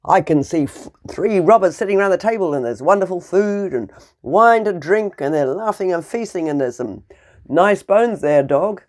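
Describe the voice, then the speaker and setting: Friendly donkey from a kids' story, lady voicing it, low and encouraging, lots of up and down. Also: animated, normal speed, a little mellow, natural voice. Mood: coaxing. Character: kindly, sturdy old donkey leading the animal band.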